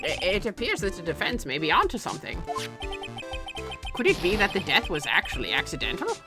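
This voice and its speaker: A bumbling old male judge, put on by a woman who is easily swayed, with a lively up-and-down voice. Game music plays underneath. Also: on the low side, a little fast. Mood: bemused. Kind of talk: reading game dialogue aloud.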